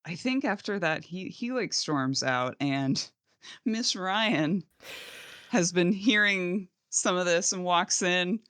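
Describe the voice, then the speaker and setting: A young woman co-hosting a podcast, slowly retelling an episode's plot in a halting, casual way. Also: on the low side, clean tone, no room sound. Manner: slow, halting retelling with soft laughs. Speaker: podcast co-host. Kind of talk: casual recap chat.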